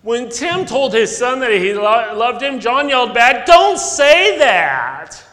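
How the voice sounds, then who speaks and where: A male pastor preaching a sermon, telling stories earnestly, with sudden loud emphasis and soft drops. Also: very high-pitched, a little slow. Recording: long echo of a large hall.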